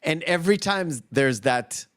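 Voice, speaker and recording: A man's voice: fairly high pitch, animated, a little slow, fairly bright tone, no echo, clean studio sound. A man co-hosting a casual movie podcast, recapping scenes in a rambling way with lots of fillers. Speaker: podcast co-host.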